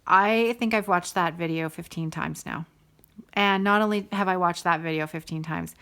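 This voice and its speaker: A middle-aged woman talks straight to her viewers in a relaxed, chatty way, drifting into one sidebar after another. Her voice sits a little low, and she sounds warm and eager as she goes. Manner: chatty and rambling, with asides and sidebars; warm and enthusiastic. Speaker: host of a stitching video show. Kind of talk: casual chat to viewers.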